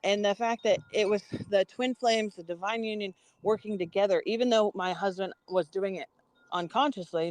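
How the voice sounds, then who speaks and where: A woman's voice: medium pitch, dry recording. A woman, co-hosting a podcast in casual spiritual chat, telling stories with lots of acted-out quotes. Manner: animated storytelling, acting out quoted voices. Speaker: podcast co-host.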